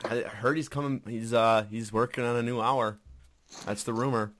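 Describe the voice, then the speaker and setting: A man's voice: medium pitch, steady tone, fairly bright tone, dry recording. A young man co-hosting a podcast in laid-back, teasing casual chat. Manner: laid-back, teasing, drops into quick impressions. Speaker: podcast co-host.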